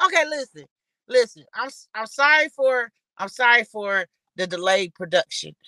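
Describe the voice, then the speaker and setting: A woman's voice: on the high side, animated, moderate pace, bright, forceful tone, dry recording, low-quality recording. A woman hosting a casual livestream, talking bluntly and swearing freely as she scolds her guests. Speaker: livestream host.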